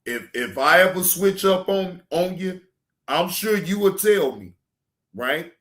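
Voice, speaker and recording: Male stream host with a higher voice who drawls slowly, slangy and profane, loud then hushed. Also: expressive. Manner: slangy, profane, repeats himself; swings between loud hype and low, quiet asides. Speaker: reaction show host. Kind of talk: casual livestream talk.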